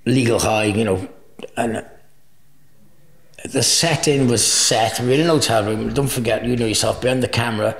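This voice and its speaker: A mid-range male voice at normal speed comes from a man in his forties appearing as a podcast guest. He laughs often and swears freely while telling rambling anecdotes in a casual storytelling interview, captured with roomy echo.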